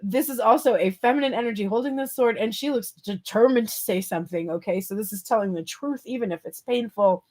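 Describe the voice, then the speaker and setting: A woman's voice: a little high, fairly quick, few pauses, darkish tone. A woman giving a casual tarot reading, chatty and playful, laughing often and swearing casually. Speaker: tarot reader.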